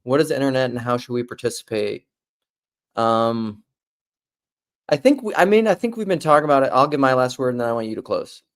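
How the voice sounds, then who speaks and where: A man's voice: mid-range voice, animated, fairly quick. A man hosting a podcast, from Minnesota, rambling casually and laughing easily. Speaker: podcast host. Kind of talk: casual chat.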